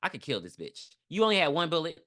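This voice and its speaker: Woman, podcast co-host, casual profane movie recap, swooping pitch, bright tone. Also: quick pace. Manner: profane, animated retelling with quoted lines.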